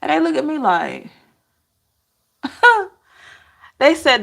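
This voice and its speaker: Woman, tarot reader, livestream chat, laughs a lot, unhurried. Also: high voice, very animated, creaky, fairly bright tone. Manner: laughing, chatty, addresses chat by name. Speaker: tarot reader chatting with live viewers.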